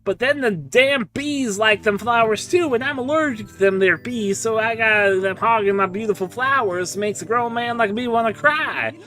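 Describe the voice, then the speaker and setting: A man's voice: high voice, normal speed, hardly any pauses, sharp tone, faint music behind, voice pushed up. Man doing a drawling hillbilly tomato farmer. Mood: folksy. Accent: put-on Southern US drawl. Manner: drawling, crude, oddball rambling. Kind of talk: voicing a game character while streaming.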